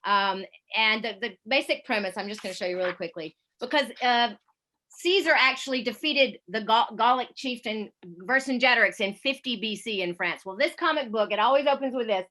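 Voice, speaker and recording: A Southern American woman in her forties speaks to students in a loose, chatty way, stumbling and restarting as she goes. Her voice sits fairly high and sounds bright and forward. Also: a little fast. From South Carolina, USA. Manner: chatty, self-deprecating, many fillers and restarts. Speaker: guest speaker, radio correspondent. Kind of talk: casual talk to a student audience.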